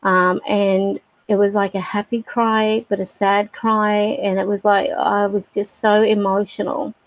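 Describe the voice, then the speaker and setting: A middle-aged woman telling a personal story on a livestream, halting and reflective with many fillers. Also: mid-range voice, little pitch movement, dry recording, rough recording. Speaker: spiritual livestream host.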